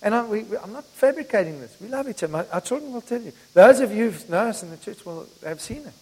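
High-voiced man preaching in an echoey church. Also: expressive, fast, darkish tone, slightly rough. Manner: conversational preaching with personal stories, bursts of singing. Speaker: pastor. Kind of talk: sermon. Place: church hall. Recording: reverberant church hall.

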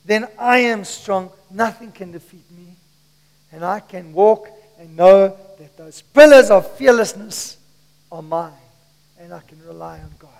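A man preaches in a strikingly high voice, pressing each line with emphasis and calling on the congregation to repeat after him. His sermon rings through a church hall with long, lingering reverb. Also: unhurried, gravelly, a little mellow. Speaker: pastor.

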